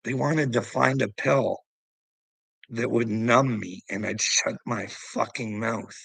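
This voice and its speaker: A man's voice: mid-range voice, fairly even intonation, takes it slowly, gravelly, a bit bright, husky, no room sound, low-quality recording. A middle-aged man delivering an agitated, profane vlog rant. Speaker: vlogger. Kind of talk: ranting vlog monologue.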